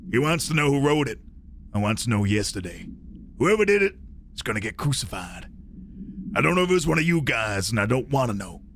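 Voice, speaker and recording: A gruff office worker with a put-on Texan drawl, as a British man does the voice, grumbling through a memo. The voice sits low and lazy, with plenty of swing in its pitch. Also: fairly bright tone, slight background noise. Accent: put-on Texan American.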